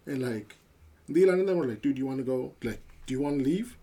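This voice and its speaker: A man's voice: medium pitch, animated, fast talker, warm tone, a little hiss or hum. A man on a podcast telling a story in casual chat among friends, slangy and swearing, acting out quoted dialogue. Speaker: podcast co-host.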